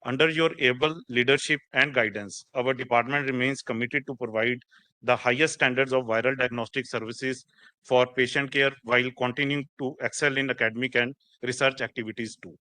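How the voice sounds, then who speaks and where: Indian guy reading a formal vote of thanks, bright tense voice. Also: mid-range voice, fairly even intonation, brisk. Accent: Indian English. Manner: formal, reading prepared remarks. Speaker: organizing secretary.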